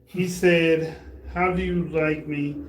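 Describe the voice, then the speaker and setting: A man's voice: a little high, steady tone, slow pace. A middle-aged man hosting a podcast in casual, playful chat, often laughing. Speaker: podcast host. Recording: echoey room, faint noise.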